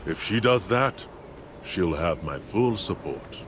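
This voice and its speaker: A man voicing a measured, grateful town mayor in a video game. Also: deep voice, lively intonation, background noise. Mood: earnest. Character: steady middle-aged male town mayor. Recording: game dialogue over music.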